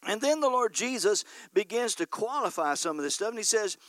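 A man's voice: high-pitched, very animated, brisk, fairly bright tone, dry recording. A man preaching a sermon as a pastor, emphatic and repeatedly calling out to the congregation for an "Amen". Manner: emphatic preaching, punctuated by frequent call-outs of "Amen?".

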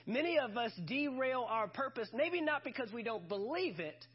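A man's voice: very high-pitched, expressive, normal speed, slightly rough, dull audio. A male pastor preaching a sermon, emphatic, repeating his key lines for effect.

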